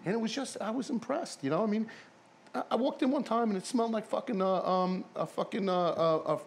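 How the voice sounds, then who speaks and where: A man's voice: high-pitched, brisk, slight background noise. A man, a former pro wrestler, telling rambling, profane stories in a casual interview and putting on other people's voices.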